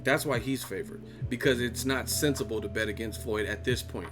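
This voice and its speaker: A man's voice: mid-range voice, normal speed, over music. Profane, mocking male live-stream host. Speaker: boxing channel host. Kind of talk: live-stream chat commentary.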